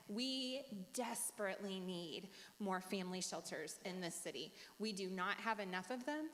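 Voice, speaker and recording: A woman's voice: mid-range voice, fairly bright tone, in a large hall. A woman hosting a panel discussion, reading listener messages aloud in an earnest manner, with a lingering cough. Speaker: host.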